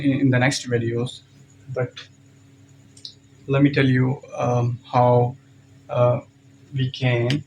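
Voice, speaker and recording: A man's voice: medium pitch, darkish tone, slight background noise, poor audio. A man teaching beginners how to pronounce letters, hesitant, with many fillers and repeated okays. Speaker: Quran teacher. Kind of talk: slow beginner lesson.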